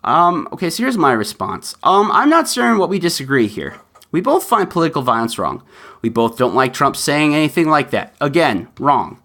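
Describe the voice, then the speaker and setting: A man's voice: on the high side, big pitch swings, moderate pace, pushed and bright. A man hosting a solo podcast, talking earnestly and pleading with listeners, with plenty of fillers along the way. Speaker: podcast host.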